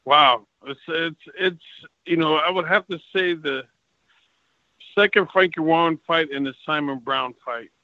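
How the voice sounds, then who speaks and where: A retired professional boxer, a guest in a casual interview, tells stories from his career and animatedly acts out the exchanges he quotes. His voice is on the high side and unhurried. The lo-fi recording has no room sound.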